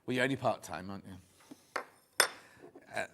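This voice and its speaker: A man's voice: lowish voice, normal speed, gravelly, background noise. A British man presenting a live sewing shopping show, chatty and teasing as he reads out prices and viewer messages in a TV studio.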